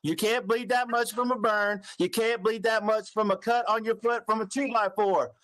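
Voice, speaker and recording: A man's voice: high voice, steady tone, normal speed, a bit bright. A middle-aged man on a phone call, angrily accusing a woman of lying, repeating himself and swearing. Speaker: father of the missing boy. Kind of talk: heated phone confrontation.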